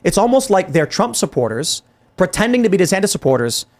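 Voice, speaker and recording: Male talk host, 30s, higher register, heated and animated, stumbles and restarts a lot. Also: fairly quick. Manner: animated, exasperated, frequent restarts and quoted dialogue. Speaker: podcast host. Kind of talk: heated political commentary.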